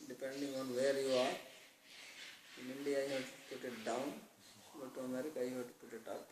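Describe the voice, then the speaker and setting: A man giving a devotional scripture class. He explains verses through everyday examples and chants the verses slowly. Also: medium pitch, a little hiss or hum. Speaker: lecturer on scripture. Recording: roomy, distant mic, faint ambience.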